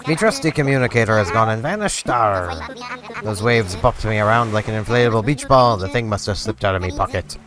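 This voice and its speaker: A man putting on a shipwrecked seagull pirate, all bluster and salty bravado, in a cartoonish game voice with a lowish tone. He leans hard into hammy pirate talk, every line a theatrical reading, with game music running behind. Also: animated, a little fast, lightly acted. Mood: hearty.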